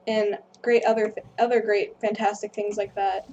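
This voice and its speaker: A woman's voice: medium pitch, little pitch movement, moderate pace, darkish tone, muffled recording, slight background noise. A woman hosting a gameplay video, rambling through casual commentary and apologizing self-deprecatingly. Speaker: gaming video host.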